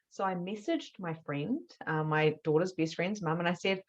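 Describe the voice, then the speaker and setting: Woman, 30s, mediumship teacher, candid storytelling, swears freely, low pitch, dull lo-fi sound. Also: fairly quick, hardly any pauses. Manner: animated, swears freely, acts out her own past reactions.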